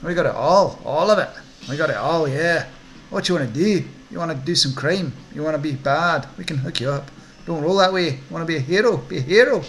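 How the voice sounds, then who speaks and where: A man's voice: fairly high pitch, expressive, fairly quick, hardly any pauses, a bit bright, slight background noise, pitched above the performer's own voice. A man voicing a twitchy male orc drug dealer with a Scottish accent and wheedling salesman patter. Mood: jittery.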